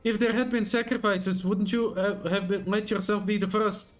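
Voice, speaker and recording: A man voicing a young female leader in a game, with earnest, measured reading and pleading questions. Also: high-pitched, steady tone, soft background music, lightly acted. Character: young woman leader, gentle but resolute. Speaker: streamer reading game dialogue aloud.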